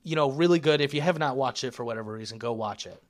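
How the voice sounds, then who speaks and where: A man co-hosting a casual pop-culture podcast, animated and playful, laughing often with mock outrage. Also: medium pitch, fast talker. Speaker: podcast co-host. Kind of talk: casual chat.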